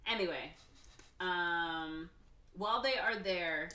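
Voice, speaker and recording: A woman podcast host casually retelling a film's plot, slipping into quick voices for each character. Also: fairly low pitch, bright, forceful tone. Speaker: podcast host recapping a film. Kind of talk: casual chat. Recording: echoey room, somewhat far from mic.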